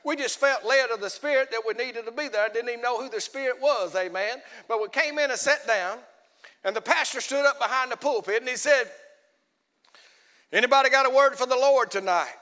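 High, bright-voiced evangelist. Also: male voice, fairly quick. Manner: folksy, swings from hushed storytelling to shouting. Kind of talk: sermon. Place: church. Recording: echoey church hall.

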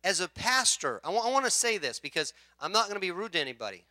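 High, bright-voiced preacher swinging quiet to loud. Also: male voice, very animated, fast talker, no room sound. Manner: storytelling, acts out quoted voices, swings from quiet asides to shouting. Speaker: pastor. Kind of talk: sermon.

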